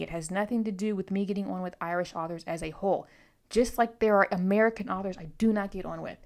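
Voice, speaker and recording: A woman chatting through a casual book haul vlog as a book vlogger, outspoken and talkative, with quick asides. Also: mid-range voice.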